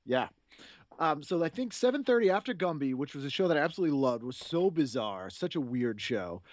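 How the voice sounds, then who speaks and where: A man's voice: on the high side, very animated, fairly quick, no room sound. A man in his forties hosting a podcast, chatting casually and enthusiastically, rambling and laughing often. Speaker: podcast host. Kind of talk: casual chat.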